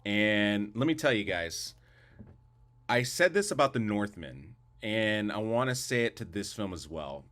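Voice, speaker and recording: On a podcast, a co-host chats casually about movies, rambling, repeating words and restarting often while offering strong opinions. His lowish voice has lively intonation and a fairly bright tone, and he speaks unhurriedly.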